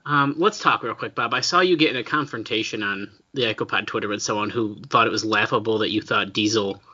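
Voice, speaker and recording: A man's voice: fairly low pitch, fast, pushed and bright, husky. A man co-hosting a casual podcast, eagerly recounting an online exchange and quoting what each person wrote, over a remote call. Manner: eager storyteller who recounts exchanges with quoted lines. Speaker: podcast co-host. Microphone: remote call headset mic. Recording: dull lo-fi call audio.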